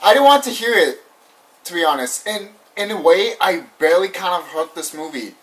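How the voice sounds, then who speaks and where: A young man casually ranting through a movie review, animated and repetitive, swearing often and laughing now and then. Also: high-pitched, normal speed. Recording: voice somewhat far from the mic.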